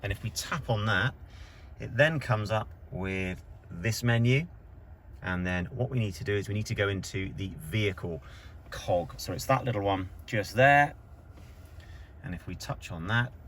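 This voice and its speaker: Man, dealership presenter, lowish voice, walks viewers through car settings step by step, inside a car. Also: animated, a little slow, long pauses, fairly bright tone, a little hiss or hum. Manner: plain step-by-step explaining while pointing things out. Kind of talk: casual how-to demonstration.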